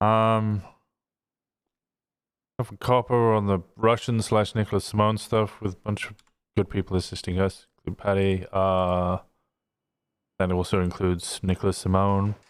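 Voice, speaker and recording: Low-voiced man rambling in a dry room. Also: flat delivery, moderate pace, long pauses, smooth, dry recording. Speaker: police officer in a roleplay meeting. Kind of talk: casual roleplay chat.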